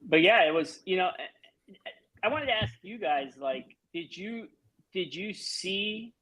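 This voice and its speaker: A man's voice: high voice, expressive, takes it slowly, pushed and bright, rough recording. Rambling man asking football questions. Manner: rambling, full of fillers, asks questions. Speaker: co-host of a football show. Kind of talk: casual watch-along chat.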